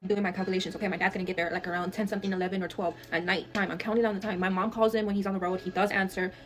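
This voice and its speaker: A young woman from Texas telling a wild family story in a fast, profane, animated way, acting out the dialogue. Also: mid-range voice. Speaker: guest storyteller. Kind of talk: casual storytelling.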